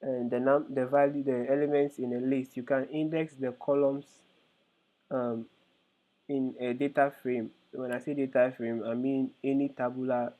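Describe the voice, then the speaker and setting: A man's voice: medium pitch, flat delivery, normal speed, warm tone. A male instructor explaining code step by step in a live online lesson, hesitant with frequent fillers. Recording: tinny phone-like call audio.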